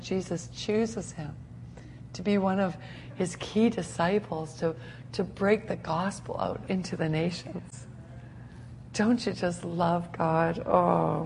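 Gravelly, animated woman preaching. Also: lowish voice, a little hiss or hum. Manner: animated, laughing, acts out scenes. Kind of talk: sermon.

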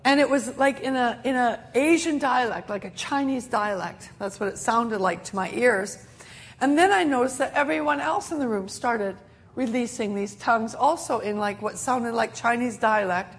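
A woman's voice: a little high, normal speed. A middle-aged woman preacher telling a sermon testimony in an earnest storytelling way, with many restarts.

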